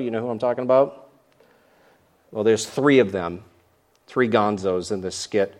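A man's voice: on the low side, darkish tone. A man who is a pastor, preaching a sermon in church and acting out grumbling lines with animation.

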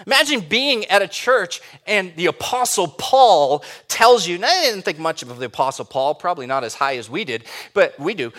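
High, lively, bright-voiced preaching man. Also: moderate pace, few pauses. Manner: emphatic, many rhetorical questions. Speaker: pastor. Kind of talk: sermon.

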